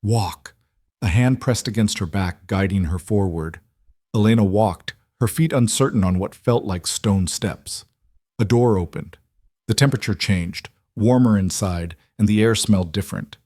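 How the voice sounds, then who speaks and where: A man with a low voice narrates a story in an even, measured manner. The recording is dry and close, with no room echo. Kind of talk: scripted audiobook narration.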